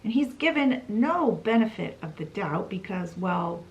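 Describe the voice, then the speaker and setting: Chatty, unhurried woman retelling a story. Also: medium pitch, expressive, highs cut off, very noisy. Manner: chatty, playful, with dramatic asides. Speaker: book channel host. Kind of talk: casual story summary.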